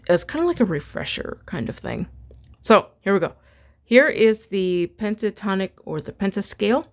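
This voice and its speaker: Slow-talking woman music teacher. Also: lowish voice, vocal fry. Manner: relaxed and halting, many ums, sings solfege syllables to demonstrate. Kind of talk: casual online music lesson.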